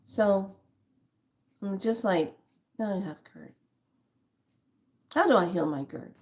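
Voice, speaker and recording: Medium in pitch, a little mellow and slow, this woman in her fifties is a spiritual vlogger talking casually with her viewers. She shares a story openly, with frequent laughter.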